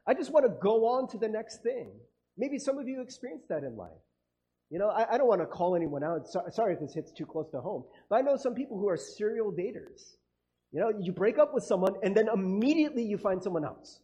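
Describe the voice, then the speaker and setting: A man's voice: high voice, very animated, brisk, mellow. A man preaching a conversational sermon as a pastor, chatty and casual, acting out quoted voices and laughing often. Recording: dull lo-fi sound.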